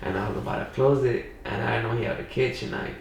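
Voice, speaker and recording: The speaker, a young man from Pacoima in Los Angeles, talks at a quick pace in a creaky mid-range voice with a steady tone. As a podcast guest he tells a casual, rambling story filled with "you know" and "like." Slight background noise, echo, and a far-off mic color the sound.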